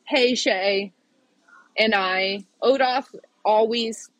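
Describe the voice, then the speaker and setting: A woman's voice: mid-range voice, very slow, no room sound, low-quality recording. A woman guest on a podcast, chatting casually and animatedly, often laughing. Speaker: podcast guest, pickleball player. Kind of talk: casual chat.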